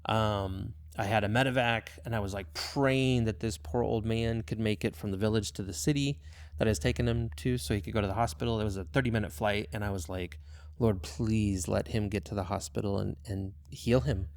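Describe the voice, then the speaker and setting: A young man, a missionary pilot, telling a personal story in casual, animated talk full of fillers. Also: on the low side, fairly quick, dry recording, studio quality. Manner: animated, emotional, filler-heavy.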